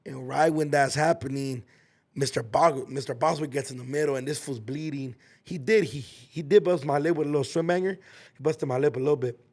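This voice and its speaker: A man's voice: medium pitch, a little fast, darkish tone. Slangy young man telling a story. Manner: slangy, profane, with spoken sound effects. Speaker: podcast host. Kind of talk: casual storytelling.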